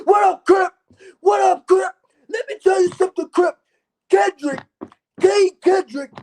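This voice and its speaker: A man putting on a loud male street hype man who keeps shouting out names on a livestream. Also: very high-pitched, voice pushed up. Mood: hyped. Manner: shouting, rapid shout-outs. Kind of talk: livestream character bit.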